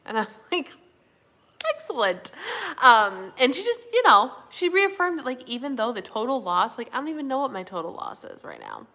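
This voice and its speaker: Bright-voiced woman chatting live with viewers. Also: a little high, wildly swooping pitch, brisk, hardly any pauses. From Minnesota, USA. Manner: chatty, fillers and yawning, says y'all. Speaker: livestream host. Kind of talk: casual live chat reading viewer comments.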